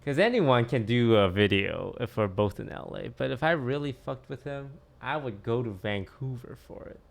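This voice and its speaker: A man's voice: mid-range voice, expressive, normal speed, vocal fry. A man streaming and chatting casually, joking around with crude banter. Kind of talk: casual chat.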